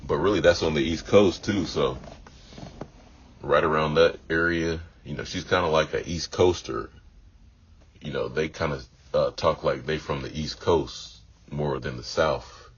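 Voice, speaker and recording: A man's voice: extremely low pitch, measured pace. A man talking in a casual, meandering monologue, often repeating himself and leaning on "you know.". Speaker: vlogger. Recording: dull lo-fi audio with faint noise.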